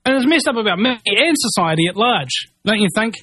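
Male commentator, high voice, dry recording; angry rambling rant full of restarts. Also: lively intonation, brisk, sharp tone, no echo. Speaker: commentator reading news. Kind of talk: ranting monologue.

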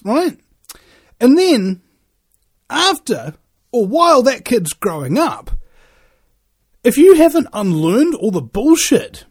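Profane ranting man, lively pitch. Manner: profane, ranting, rhetorical questions. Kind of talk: rambling monologue.

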